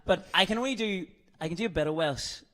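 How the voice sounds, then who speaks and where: Speaking quickly in a high, slightly bright voice, this man from Northern Ireland keeps an interview casual. He laughs at himself a lot, making jokes and chuckling frequently.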